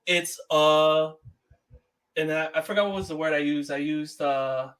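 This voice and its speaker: A man's voice: a little high, unhurried, clear, resonant tone. A man co-hosting a podcast, animatedly retelling a movie scene by scene. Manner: animated retelling with laughs and quoted reactions. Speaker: podcast co-host. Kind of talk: casual movie review chat.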